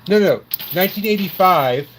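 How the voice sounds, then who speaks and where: A man in his sixties from New York talks casually and in a somewhat high voice. He wanders off track and corrects himself mid-sentence as he goes. Steady noise runs under his voice. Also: normal speed. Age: 60s. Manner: rambling, self-correcting storyteller. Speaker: host. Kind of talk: casual chat.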